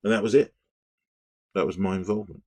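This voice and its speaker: A man telling a story in a casual, rambling monologue, animated and full of restarts. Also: low voice, fairly quick, no room sound.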